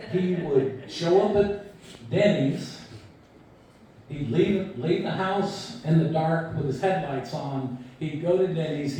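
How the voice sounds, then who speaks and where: A man in his sixties delivers a eulogy at a memorial, slowly and in a mellow voice. He tells anecdotes about a friend in an easygoing way, quoting him with light chuckles. He is recorded from far off in a very echoey hall, with faint room noise behind him. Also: fairly high pitch. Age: 60s. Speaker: eulogy speaker.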